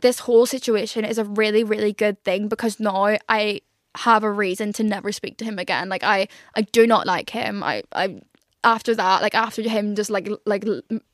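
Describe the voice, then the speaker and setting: A woman's voice: a little high, fairly bright tone, dry recording, studio quality. A young woman hosting a podcast, telling a personal story in candid casual chat, swearing freely and acting out what people said. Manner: chatty, swears freely, acts out quoted dialogue. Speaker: podcast host.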